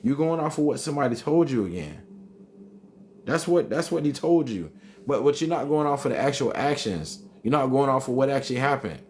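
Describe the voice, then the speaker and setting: A man's voice: medium pitch, animated, a little fast, darkish tone, slight background noise. A man hosting a live stream, reading chat comments aloud and arguing back with emphatic repetition. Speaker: livestream host reading chat.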